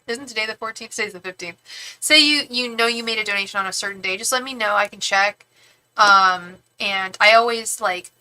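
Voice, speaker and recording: A woman's voice: a little high, sharp tone, rough recording. A woman tarot reader on a live stream, chatting casually and affectionately with viewers, with lots of fillers.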